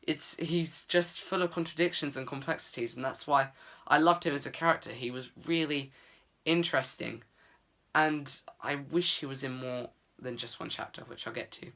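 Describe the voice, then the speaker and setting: A man's voice: medium pitch, moderate pace, sharp tone. A man giving a casual, earnest book review vlog, chatty with many fillers.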